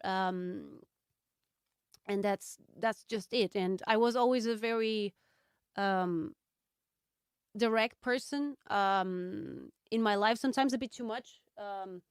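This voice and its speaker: Woman talking thru her feelings on a podcast, lots of ums, smooth voice, dead dry room. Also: mid-range voice, dry recording. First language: Portuguese. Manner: candid, thoughtful, with frequent ums and pauses. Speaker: podcast host. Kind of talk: reflective solo podcast talk.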